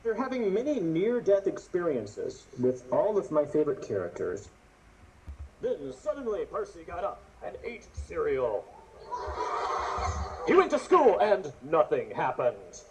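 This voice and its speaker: A middle-aged man tells humorous stories as an author talking to an audience. His delivery is animated and joking, and his pitch leaps around a lot. The recording carries clear background noise and ambience. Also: unhurried. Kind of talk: humorous storytelling talk. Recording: noisy audio with background ambience.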